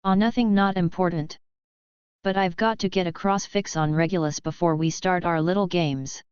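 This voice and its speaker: A woman's voice: lowish voice, fairly even intonation, a little mellow, clean tone, dry recording, muffled recording, close to an everyday voice. A woman voicing a sardonic, wisecracking young male radar cadet. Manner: sarcastic and quick-tongued.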